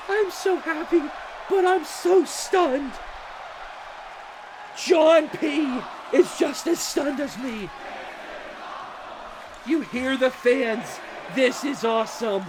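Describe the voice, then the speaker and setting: A young man calling a wrestling show play-by-play, frantic, shouting and disbelieving, over a loud crowd. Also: very high-pitched, extremely slow, pauses often. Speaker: wrestling commentator. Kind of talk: excited play-by-play commentary. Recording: loud crowd and noisy venue. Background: cheering crowd.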